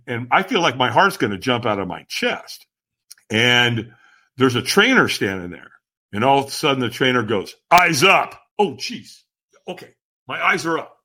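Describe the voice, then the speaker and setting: A man, a podcast guest, telling a personal story in animated conversation, emphatic and acting out what others said. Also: mid-range voice. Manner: acts out quoted voices, emphatic.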